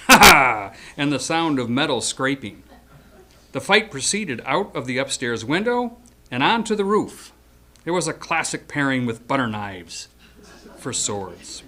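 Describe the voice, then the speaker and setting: Older man around 70, eulogist, mid pitch, bright edge, hesitant fillers then lively storytelling. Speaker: eulogist, old friend of the deceased. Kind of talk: reading a prepared eulogy.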